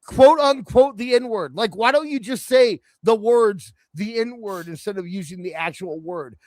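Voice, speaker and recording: High, lively male host who jokes and laughs a lot, close dry mic. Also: unhurried, dry recording. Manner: laughs often, joking and sarcastic. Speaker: podcast host. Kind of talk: casual live-stream banter.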